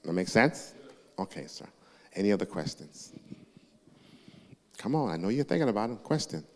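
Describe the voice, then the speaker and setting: A man representing a university, answering audience questions live in a church, lively and joking, teasing the crowd. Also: lowish voice, moderate pace. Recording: echoey church hall.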